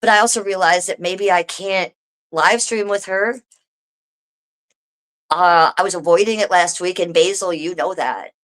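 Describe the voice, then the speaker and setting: A woman's voice: on the low side, measured pace, pauses often. A woman live streaming from home, talking straight to her viewers in a casual, swearing rant. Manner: swearing, animated, talks to viewers directly.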